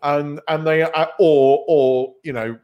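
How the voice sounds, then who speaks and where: A man's voice: fairly high pitch, steady tone, slow pace, muffled recording. A man hosting a casual film podcast, rambling and correcting himself, with the odd swear word. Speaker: podcast host.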